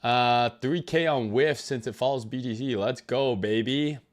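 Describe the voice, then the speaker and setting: A man's voice: medium pitch, unhurried. Profane casual man streaming live. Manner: loose, profane, reads chat names aloud. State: recovering from illness. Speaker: crypto trading livestream host. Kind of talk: casual livestream chat with viewers.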